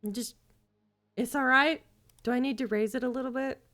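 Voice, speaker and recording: A woman's voice: sits high, fairly even intonation, moderate pace, fairly bright tone. A woman streaming a game, chatting casually and jokily while thinking aloud. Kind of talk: casual live-stream gameplay chat.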